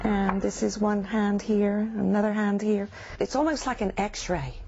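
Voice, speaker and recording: Older English-born woman interviewee; gravelly, unhurried, halting; dull news-clip sound with a clear music bed. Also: mid-range voice, steady tone, a little mellow. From England. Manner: earnest, halting storytelling with pauses. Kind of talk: recounting personal experience.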